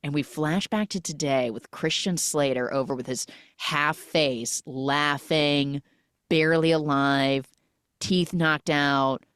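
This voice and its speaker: A woman hosting a movie recap podcast who retells the plot in an animated way and acts out the characters' lines. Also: low voice, slow pace, smooth, no echo, studio quality. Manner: animated storytelling, quoting characters. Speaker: podcast host.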